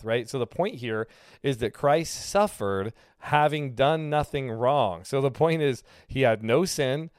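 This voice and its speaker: In a clean studio recording with no room sound, a mid-range-voiced male pastor teaches a relaxed sermon. His delivery is conversational and full of fillers, and he keeps correcting himself partway through sentences.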